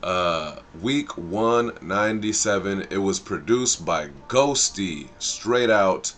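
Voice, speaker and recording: Deep-voiced man hosting a rambling live stream. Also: takes it slowly, a bit bright, faint music behind. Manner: rambling and easily sidetracked, thinking aloud; loose slang-filled talk. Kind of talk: casual live-stream chat.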